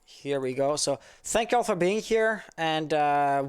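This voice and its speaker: Chatting casually with viewers on his livestream, an esports caster from Quebec, Canada, whose first language is French speaks English with a Quebec French accent. His clear, resonant voice is fairly high with lively intonation and a slightly slow pace. He rambles in an easygoing way, replying to chat as he reads it.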